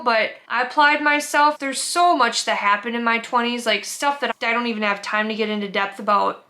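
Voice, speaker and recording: Bright, high-voiced young woman, emotional. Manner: candid, emotional, rambling with restarts. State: teary, emotional. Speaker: vlogger. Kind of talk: sit-down personal storytelling.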